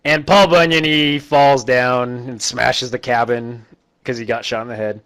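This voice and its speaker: A man recapping a terrible movie in a casual, rambling, deadpan way, quickly putting on the characters' voices. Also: mid-range voice. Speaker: host recapping a bad movie.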